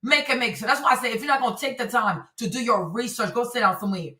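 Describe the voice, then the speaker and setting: Animated woman streamer in echoey room. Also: on the high side, fast talker, far from the mic. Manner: animated, repetitive, talks to her audience. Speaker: streamer commentator. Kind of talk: livestream commentary. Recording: roomy echo, voice a bit off-mic.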